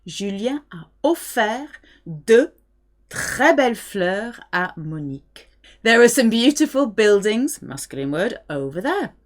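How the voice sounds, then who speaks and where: Slow, lively woman teaching. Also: medium pitch. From France. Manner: clear, patient explaining with modelled French phrases. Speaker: French teacher. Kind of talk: language lesson.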